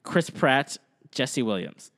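A man's voice: mid-range voice, sing-song, slow, fairly bright tone. A young man co-hosting a podcast in casual chat, joking, laughing often and reading quiz options aloud. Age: young adult. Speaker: podcast co-host.

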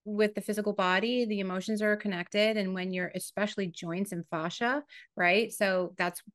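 A woman's voice: medium pitch, steady tone, normal speed, no room sound, studio quality. A woman hosting a podcast, asking enthusiastic, affirming questions in casual interview chat. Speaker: podcast host.

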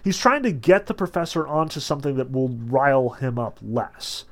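A man teaching a novel in a casual, conversational lecture, animated and full of fillers. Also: medium pitch, normal speed. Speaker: literature teacher.

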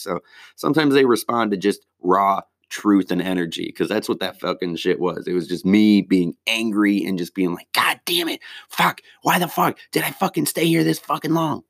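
Low-voiced, laid-back man, swearing freely. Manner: rambling, heavy swearing, laid-back slang. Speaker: stand-up comedian. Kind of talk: casual spoken recap.

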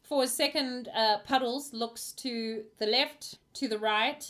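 High-voiced woman game master. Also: unhurried, a bit bright. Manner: apologetic, laughs often. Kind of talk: narrating a tabletop game.

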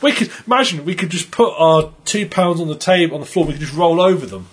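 A man's voice: a little high, animated, fast talker, background noise. A man co-hosting a podcast, jokey and rambling, often laughing and restarting his sentences. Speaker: podcast co-host. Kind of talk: casual chat.

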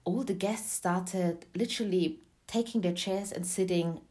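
A young woman being interviewed, telling a personal story in a lively, chatty way and laughing often. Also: lowish voice, measured pace. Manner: animated, laughs often, acts out quotes. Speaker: interview guest. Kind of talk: casual storytelling in conversation.

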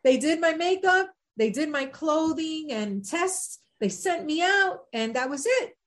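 A woman, an actress and singer, telling a lively anecdote as a podcast guest. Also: high-pitched, a little slow. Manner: lively, acts out quoted voices.

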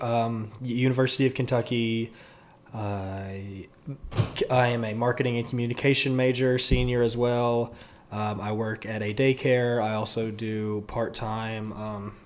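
A man's voice: medium pitch, flat delivery, a little slow. Self-mocking young man co-hosting a podcast. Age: 20s. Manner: loose and self-mocking, many fillers. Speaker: podcast co-host. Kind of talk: casual chat.

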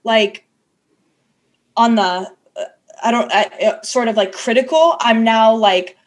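A woman's voice: on the high side, slow. A woman co-hosting a podcast in casual chat, candid and self-deprecating, rambling with restarts and acting out her inner voice. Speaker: podcast co-host.

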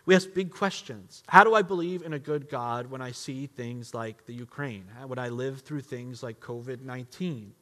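Bright-voiced preacher with hall reverb. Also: male voice, mid-range voice, moderate pace, few pauses. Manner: emphatic, swings between loud outbursts and hushed lines. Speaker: pastor. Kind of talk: sermon. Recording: long reverb of a large hall.

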